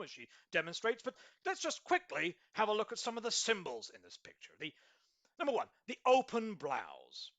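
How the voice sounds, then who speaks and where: Pompous high-voiced male mock guru. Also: pushed and bright. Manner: pompous, mock-serious guru tone with frequent ums. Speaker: host of a mock business advice show. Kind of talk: deadpan satirical advice show.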